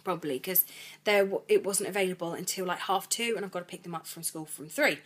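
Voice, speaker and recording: A woman's voice: lowish voice, fast. A pregnant woman, rambling through a chatty vlog story and acting out what others said. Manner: rambling, animated retelling, quoting others. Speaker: vlogger.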